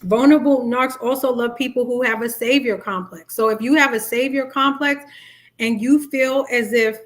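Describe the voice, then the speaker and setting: A middle-aged woman life coach, talking casually to a live-stream audience and acting out quoted dialogue. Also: moderate pace. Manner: chatty, animated, acts out quoted dialogue in high voices. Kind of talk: live-stream talk on narcissistic abuse.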